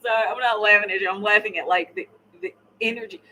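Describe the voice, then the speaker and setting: A woman's voice: mid-range voice, fairly even intonation, quick pace, bright, forceful tone, slight background noise, rough recording. A woman giving a live tarot reading, chatting casually and laughing, sometimes murmuring her questions to the cards. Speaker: tarot reader.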